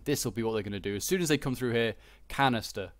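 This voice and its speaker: A man's voice: medium pitch, quick pace, no echo. A man casually commenting on a strategy game battle, rambling with lots of fillers. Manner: chatty and rambling, many fillers like "like" and "uh". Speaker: gameplay commentator.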